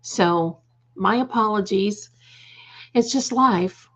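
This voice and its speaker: A woman's voice: mid-range voice, slow pace, rough recording. A woman hosting a live stream from home, chatting casually with viewers and calling them darling. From United States. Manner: affectionate, calls viewers darling. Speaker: livestream host. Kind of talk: casual live chat reading comments.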